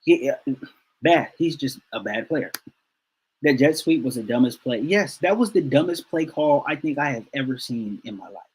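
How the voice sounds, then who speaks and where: A man's voice: medium pitch, expressive, moderate pace, a little hiss or hum, low-quality recording. A man hosting a fan channel, ranting heatedly and repeating himself for emphasis about a football game. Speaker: sports channel host. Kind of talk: fan commentary rant.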